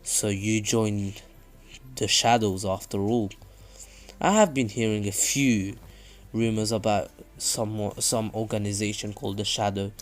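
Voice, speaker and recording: A man voicing a veteran male spymaster who talks in a slow, formal, posh way, with faint music behind. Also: lowish voice, steady tone, pitched below the performer's own voice, close to an everyday voice. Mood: measured.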